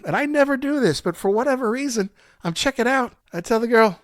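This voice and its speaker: A man's voice: very high-pitched, a little fast, hardly any pauses, dry recording, studio quality. A man co-hosting a rock podcast, telling concert stories in casual chat, acting out quotes and laughing often. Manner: animated storyteller who acts out quotes and laughs often. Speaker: podcast co-host.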